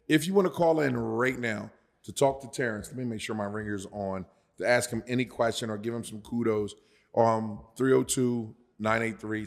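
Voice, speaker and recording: A man hosting a business podcast, reacting with quick laughs and affirmations. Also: mid-range voice. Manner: laughs along, brief affirmations. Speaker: podcast host. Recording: long reverb in the room.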